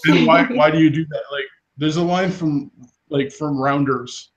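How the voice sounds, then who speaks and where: Give me a young man co-hosting a podcast, chatty and rambling, with a slightly high voice. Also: fairly even intonation, normal speed, dull audio. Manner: rambling, laughs often, many restarts. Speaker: podcast co-host. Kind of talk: casual chat.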